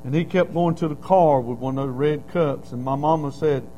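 A man's voice: fairly high pitch, normal speed, dark tone, a little hiss or hum, rough recording. A middle-aged man preaching a sermon, telling stories in a folksy way and building to emphatic cries.

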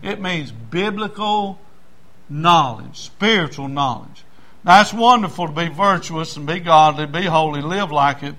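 A man's voice: fairly high pitch, lively intonation, unhurried, a bit bright. A man preaching a sermon in a folksy, storytelling way. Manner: folksy, storytelling, acts out voices in anecdotes.

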